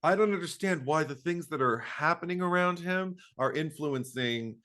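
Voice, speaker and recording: Animated man chatting about a movie. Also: on the high side, normal speed. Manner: animated, acts out quotes, stammers, laughs while talking. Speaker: podcast co-host. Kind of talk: casual film discussion.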